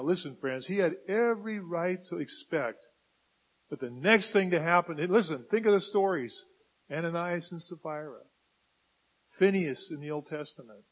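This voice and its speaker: A man preaching with a high, husky voice that swells into loud, emphatic bursts. The sound is dull and lo-fi, like a modest church recording. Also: normal speed. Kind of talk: sermon.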